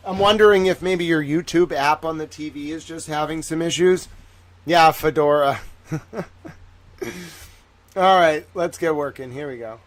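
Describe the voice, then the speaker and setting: Give me a chatty male streamer with a put-on Southern drawl and a slightly raised pitch, riffing loosely through legal news with lots of "like". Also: a little slow, long pauses. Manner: rambling, heavy use of "like", joking asides. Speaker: live-stream legal commentator. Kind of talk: casual livestream commentary.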